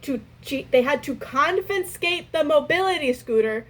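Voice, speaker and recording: Young woman with a higher voice. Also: normal speed, poor audio. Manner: animated, exasperated retelling. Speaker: storyteller. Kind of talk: casual storytime.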